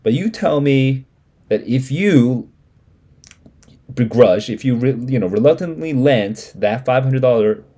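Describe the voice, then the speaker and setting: A man's voice: mid-range voice, animated, unhurried, dark tone, pitched above the performer's own voice. A man reading the lines of an upset mother who repeatedly demands that her husband speak plainly. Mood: pleading.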